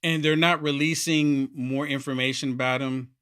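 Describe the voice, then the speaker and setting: A man's voice: medium pitch, steady tone, moderate pace, fairly bright tone, clear, resonant tone. A man hosting a political commentary show, talking bluntly and with strong opinions. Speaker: host.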